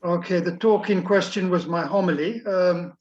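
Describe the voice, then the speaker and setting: An older bishop with a fairly high voice answers questions thoughtfully and pauses often on fillers. The sound is dull and lo-fi, like video-call audio. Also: male voice, a little mellow. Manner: reflective, hesitant, many uhs and ums.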